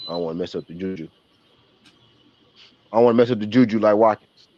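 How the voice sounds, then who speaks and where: He has a Southern US accent and a fairly low, mellow voice, talking quickly but pausing often. Hosting a live basketball watch party stream, he jokes, trash-talks, leans on slang, and laughs a lot. The sound is dull lo-fi stream audio.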